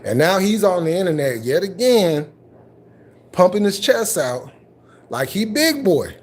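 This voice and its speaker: Husky, animated man ranting on a livestream. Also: sits high, unhurried. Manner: confrontational, repetitive, mocking. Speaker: livestream host. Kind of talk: live stream commentary rant.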